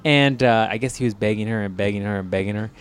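A man's voice: lowish voice, fast, clear, resonant tone. A man co-hosting a podcast, telling a crude story in a loose, casual way with frequent laughs and fillers. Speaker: podcast co-host.

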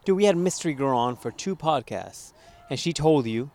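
A man's voice: on the high side, lively intonation, normal speed, a little mellow. A man co-hosting a podcast in casual chat, joking crudely and acting out bits of dialogue. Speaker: podcast co-host.

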